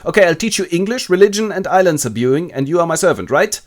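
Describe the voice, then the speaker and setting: A man voicing a brash, greedy, excitable castaway in a comic retelling, full of loud exclamations. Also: on the high side, fast, voice pushed up, close to an everyday voice. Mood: bossy. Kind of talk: comic storytelling.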